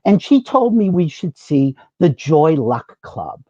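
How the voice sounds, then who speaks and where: A gracious, poised female star, as a male storyteller puts her on, polite and measured and fond of calling people darling. She speaks with a lively, swooping pitch and a dark, mellow tone. The recording is dry and a little muffled. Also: no echo, exaggerated voice. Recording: dull muffled sound.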